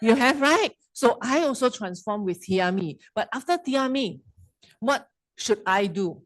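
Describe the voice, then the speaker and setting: A woman's voice: a little high, lively intonation, normal speed, no echo, poor audio. A middle-aged woman with a Malaysian English accent gives a casual wellness seminar talk, chatty and teasing, quizzing the audience. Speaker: wellness presenter.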